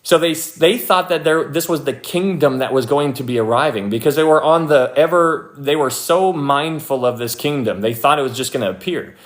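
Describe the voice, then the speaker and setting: Young male livestream Bible teacher, slightly high voice, casual and animated, lots of fillers. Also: moderate pace, hardly any pauses. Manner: chatty, animated, acts out quoted people in a higher excited voice; frequent fillers and restarts, thanks viewers by name.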